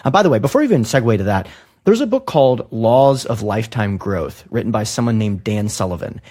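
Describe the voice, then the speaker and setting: A man hosting a podcast, talking in a relaxed, conversational, joking way. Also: fairly low pitch, brisk. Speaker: podcast host. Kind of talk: casual interview talk.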